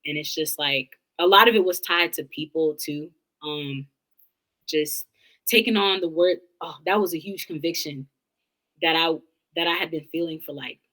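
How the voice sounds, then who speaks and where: A woman's voice: deep voice, moderate pace, bright, forceful tone, rough recording. A young adult woman, an interview guest, talking candidly and thoughtfully in long, run-on reflections. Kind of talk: candid casual conversation.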